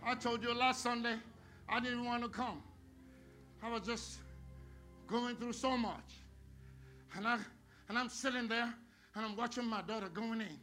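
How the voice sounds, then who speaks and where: A middle-aged male pastor preaching a sermon, swinging between hushed, slow talk and loud shouted praise. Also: very high-pitched, steady tone. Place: church sanctuary. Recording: live church sound with music and crowd. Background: music and congregation.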